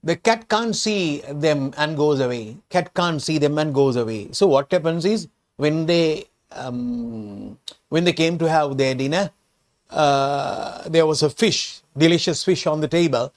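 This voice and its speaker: A man with a Sri Lankan English accent, an English teacher walking learners through a storybook with slow, repetitive explanations. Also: a little high, expressive.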